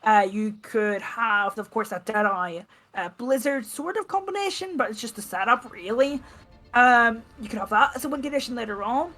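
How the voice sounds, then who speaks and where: A woman's voice: a little high, normal speed, a bit bright. A young woman analyzing a live esports match, thinking aloud and restarting her sentences, with faint game music behind her.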